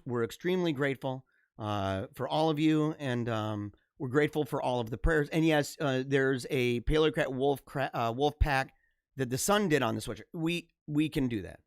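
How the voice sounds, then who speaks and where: A man's voice: fairly high pitch, no room sound, studio quality. A man in his thirties hosting a live stream, reading viewer comments in fervent, slangy casual talk with lots of emphatic repetition.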